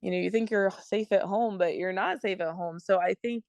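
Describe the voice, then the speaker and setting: A woman's voice: mid-range voice, normal speed, gravelly, dry recording. A woman guest on an interview podcast, explaining earnestly with frequent ums. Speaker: guest, product consultant. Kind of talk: casual interview talk.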